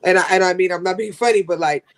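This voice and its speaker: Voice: medium pitch, fast talker. A podcast co-host in casual wrestling chat, sassy with joking asides.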